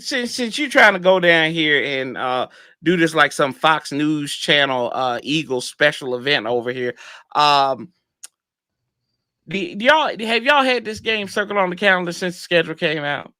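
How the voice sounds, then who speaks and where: A man co-hosting a casual sports debate, teasing his rival fan and letting his voice jump high when he argues. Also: normal speed. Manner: teasing, animated, pitch jumps when arguing. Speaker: sports podcast co-host.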